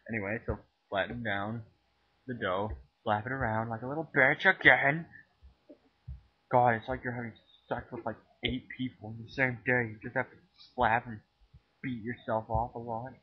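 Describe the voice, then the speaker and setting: A teenage boy goofing around while he films himself cooking at home, crude and joking, with sudden loud yells. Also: medium pitch, measured pace, pauses often, breathy edge. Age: teens. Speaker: home cooking video maker. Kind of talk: goofy profane cooking vlog. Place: home kitchen. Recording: tinny lo-fi home camera audio.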